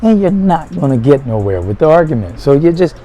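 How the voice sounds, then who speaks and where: A man's voice: a little high, big pitch swings, a little fast, mellow, poor audio. A man giving blunt, profane dating advice in a casual monologue, full of streetwise slang.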